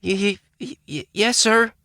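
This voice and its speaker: A man's voice: high-pitched, slow, bright, forceful tone, no echo, studio quality, pitched above the performer's own voice, full character voice. A man voicing a terrified young male cadet candidate who stammers and stumbles over his words. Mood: flustered. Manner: stammering, flustered.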